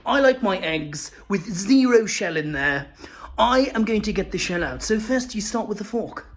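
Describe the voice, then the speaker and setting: A man doing an impression of an excitable, fussy male stand-up comedian who gets breathless and shrill as he rants. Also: normal speed. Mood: exasperated. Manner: breathless, exaggerated, rising to shrill peaks.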